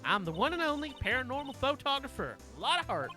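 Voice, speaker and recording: Lively game figure: a loud, folksy Southern woman photographer, put on by a man streamer, high and bright. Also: fast talker, soft background music, exaggerated voice. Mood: brash. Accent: American Southern.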